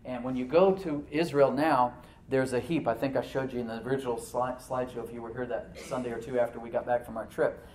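A pastor preaching in a roomy, echoing church, picked up from some distance off the mic. He is animated, firing rhetorical questions at the congregation and dropping into soft asides. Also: mid-range voice, fast talker, a little hiss or hum. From United States. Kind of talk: sermon.

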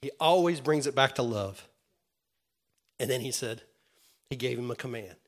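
An earnest male preacher delivers a sermon, his voice lifting into loud calls to the congregation and then dropping into quiet storytelling. He often stumbles and restarts mid-phrase, and his pitch sits in an ordinary middle range. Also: moderate pace. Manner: stammering restarts.

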